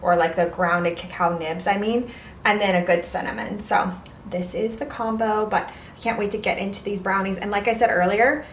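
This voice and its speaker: A woman's voice: medium pitch, fairly even intonation, normal speed, a little hiss or hum. A young woman chatting casually in a cooking vlog, talking while she eats and walks through ingredients. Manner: chatty, talks while eating. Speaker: vlogger. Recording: echoey room, mic at a distance.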